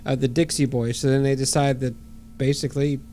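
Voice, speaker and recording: A man's voice: mid-range voice, flat delivery, a little fast, mellow, slight background noise. A man casually recapping a film's plot as a podcast co-host, using lots of fillers and the odd swear word.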